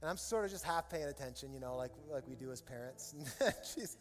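A middle-aged man preaching a sermon as pastor, telling stories with animated energy that rises to loud emotional peaks. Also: on the high side, a little fast. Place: large church hall with live audience. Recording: reverberant hall with soft music behind.

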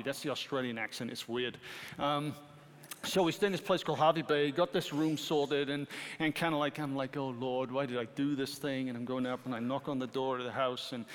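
A middle-aged British man preaching a sermon as pastor, animated and rising to emphatic peaks. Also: mid-range voice. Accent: British English. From Britain. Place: church sanctuary. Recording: long hall reverb.

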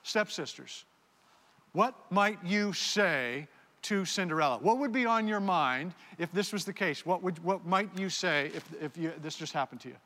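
Animated high-voiced preacher in a hall. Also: male voice, moderate pace. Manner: animated, talks directly to volunteers on stage. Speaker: pastor. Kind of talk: sermon with audience participation skit. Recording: long hall reverb.

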